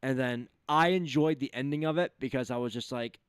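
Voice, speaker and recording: A man's voice: medium pitch, a little fast, clean tone, dry recording. A man co-hosting a casual podcast, riffing on movies, swearing and acting out quotes. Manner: animated, swears, acts out quotes. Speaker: podcast co-host. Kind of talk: casual profane chat.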